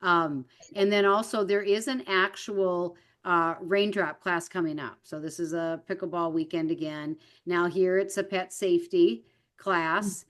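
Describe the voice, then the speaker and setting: A woman co-teaching an online class, encouraging, walking through upcoming events and often asking "right?". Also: fairly low pitch. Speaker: direct sales mentor. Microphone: video call.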